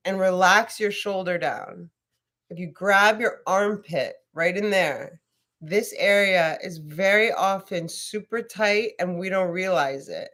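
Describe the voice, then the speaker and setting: A woman's voice: fairly low pitch, fairly bright tone. A woman teaching a casual live yoga class, chatty and rambling, swearing freely as she talks.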